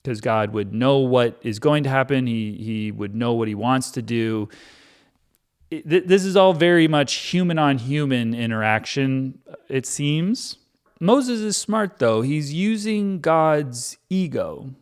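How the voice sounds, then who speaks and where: A man's voice: mid-range voice, lively intonation, measured pace, clear, resonant tone. A man reading the Bible aloud and commenting on it casually with a sarcastic, irreverent manner. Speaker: Bible reading channel host.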